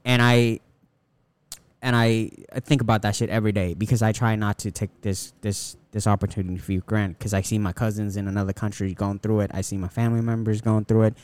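A man's voice: fairly low pitch, darkish tone, clean tone, dry recording. A young man co-hosting a casual podcast, talking in a rambling, profane way with many restarts. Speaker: podcast co-host.

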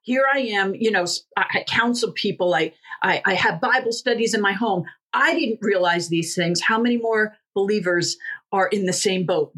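A middle-aged woman with a husky, slightly breathy voice tells her story in an interview. She speaks earnestly and with fervour, and she often stops and restarts her sentences. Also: medium pitch, fairly bright tone. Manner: earnest, fervent, many restarts. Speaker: guest, healing ministry co-founder. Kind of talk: personal testimony in an interview.

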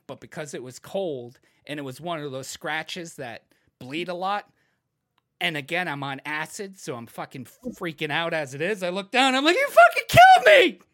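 A young man in casual podcast chat, telling a wild story with lots of swearing and shouted, acted-out quotes. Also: fairly high pitch. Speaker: podcast co-host.

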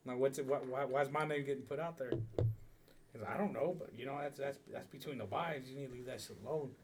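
A man's voice: mid-range voice, fast, background noise. A man co-hosting a casual chat, telling a story in a laid-back, rambling way with frequent swearing. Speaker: podcast co-host.

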